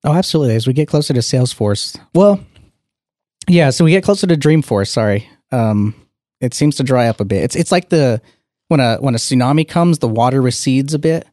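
Mellow-voiced man explaining tech casually. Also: mid-range voice, expressive, a little fast, dry recording, clean studio sound. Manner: explanatory, joking. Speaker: podcast co-host.

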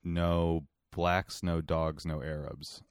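A man's voice: deep voice, little pitch movement, slow, clean tone, no echo, studio quality. A man co-hosting a podcast in casual, teasing chat, with a sore throat. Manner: argumentative, teasing, does vocal warm-ups. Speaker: podcast co-host.

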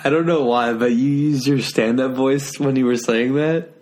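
A man's voice: medium pitch, normal speed, a little mellow. Teasing podcast host, a man. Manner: teasing, laughs often, rambling explanations. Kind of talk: casual podcast chat.

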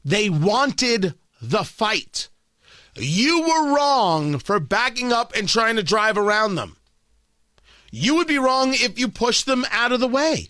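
A man's voice: very high voice, very animated, a little slow, pushed and bright, no room sound, studio quality. Emphatic, sarcastic talk radio man. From Indianapolis. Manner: emphatic, sarcastic, repeats phrases for punch. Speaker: radio talk show host. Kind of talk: opinionated talk radio monologue.

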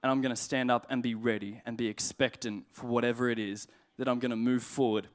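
A man preaching a sermon in a conversational, humorous way, slowing down to read scripture aloud. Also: mid-range voice, flat delivery. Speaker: pastor.

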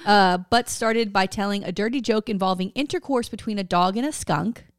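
A woman's voice: mid-range voice, moderate pace, no room sound, clean studio sound. A woman co-hosting a podcast, telling a story from her notes in a casual, joking way, stumbling over words and swearing now and then. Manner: reads notes aloud with stumbles, swears, laughs.

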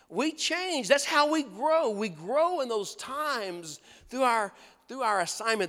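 A man in his sixties preaching a sermon as pastor, folksy and animated, laughing often and acting out the voices he quotes. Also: sits high. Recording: long hall reverb.

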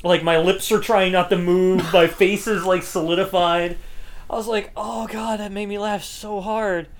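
A woman's voice: mid-range voice, steady tone, normal speed. A woman co-hosting a casual chat, rambling and laughing often as she acts out quotes. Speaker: podcast co-host.

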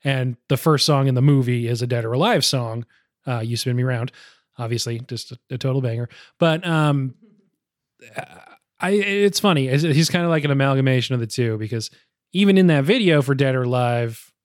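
Casting note: male podcast co-host, mid pitch, rambling and thoughtful, close dry mic. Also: moderate pace, dry recording. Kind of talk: casual movie discussion.

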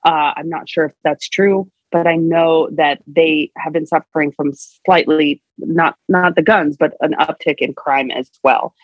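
A woman's voice: low voice, fairly even intonation, unhurried, hardly any pauses, dry recording. Chatty woman in a dry, muffled recording. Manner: chatty, with many fillers. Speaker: guest commentator. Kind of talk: casual conversation.

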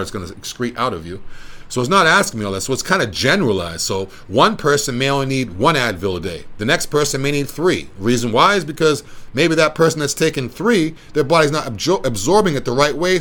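A man in mid-range pitch gives a casual, rambling pitch, circling back and repeating himself as he pushes his point. His delivery sounds unscripted and conversational, as if he is talking with clients and not giving a speech. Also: fairly bright tone. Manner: rambling, repetitive, persuasive. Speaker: wellness clinic presenter. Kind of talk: casual explanatory talk.

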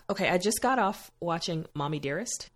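Lively, jokey woman podcast co-host. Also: on the low side, normal speed. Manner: jokey, playfully dramatic. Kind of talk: casual chat.

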